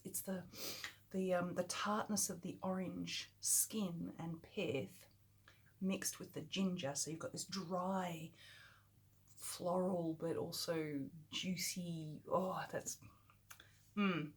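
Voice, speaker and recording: A chatty Australian woman hosts her own vlog, thinking aloud through a tasting with easy enthusiasm. Her voice is soft and a little husky, pitched in a middle range. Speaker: vlogger. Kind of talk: casual taste-test vlog.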